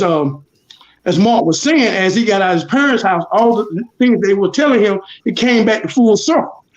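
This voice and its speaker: A man in a casual chat, talking earnestly and repeating his points for emphasis. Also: high-pitched. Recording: dull lo-fi sound.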